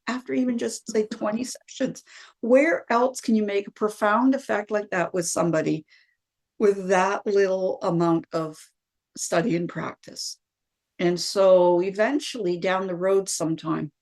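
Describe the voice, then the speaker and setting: A middle-aged woman, a guest telling her own story in a lively conversational way and acting out what she thought at the time. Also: lowish voice. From Canada. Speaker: guest, wellness practitioner.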